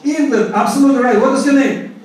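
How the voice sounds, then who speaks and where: Russian-accented party mc guy, really high voice, jokey quiz host, booming echoey hall, sounds far off. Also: fast, a little mellow. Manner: jokey, playful, switches between English and Russian. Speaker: party MC running a trivia game. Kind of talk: party hosting, quiz questions to guests. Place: banquet room at a hotel party.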